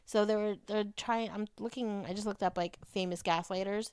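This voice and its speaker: Smooth-voiced woman reading notes. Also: medium pitch, fairly even intonation, moderate pace, darkish tone, no room sound. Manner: reads notes aloud, laughs easily. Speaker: podcast co-host. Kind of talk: casual chat, reading from articles.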